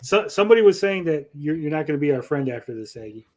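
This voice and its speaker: A man's voice: fairly high pitch, big pitch swings, quick pace, a little mellow. A man hosting a casual livestream, reading chat messages aloud and teasing his guest. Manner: teasing, playful. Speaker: show host.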